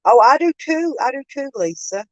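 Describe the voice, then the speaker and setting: With a high voice and lively intonation, a woman at a moderate pace chats casually on a live stream, laughing often and greeting viewers by name. She's on a phone mic, the sound lo-fi but free of echo.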